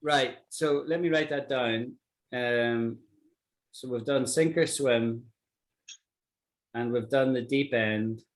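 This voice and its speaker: A man from Britain teaching an online English lesson, patiently repeating words to show how they sound. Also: mid-range voice. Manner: patient, repeats words slowly to model pronunciation.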